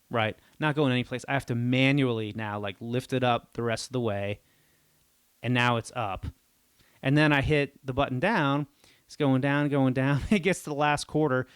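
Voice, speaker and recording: Male host, mid pitch, comic rant delivery, jumps into voices for the people in his story, dry close sound. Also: smooth, no room sound. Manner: animated, exasperated, acts out quoted people in raised voices. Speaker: show host. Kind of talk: comedic storytelling monologue.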